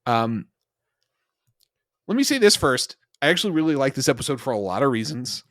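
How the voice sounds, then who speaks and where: A man co-hosting a podcast in casual chat, animated and emphatic, laughing often. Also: medium pitch, a little fast, no echo, clean studio sound. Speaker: podcast co-host.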